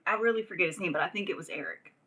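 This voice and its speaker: A woman's voice: fairly low pitch, pushed and bright, slightly rough, rough recording. A woman hosting a livestream, ranting casually in a profane, rambling way and laughing often. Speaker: livestream host.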